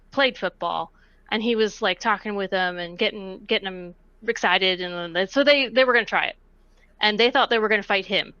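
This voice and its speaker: A woman chats casually on a podcast, her voice crisp and smooth. She hesitates a lot with fillers. The sound is dry and close, with no room. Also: medium pitch, sharp tone, dry recording, lo-fi sound. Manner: chatty, hesitant with many fillers. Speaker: podcast guest. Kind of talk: casual chat, storytelling.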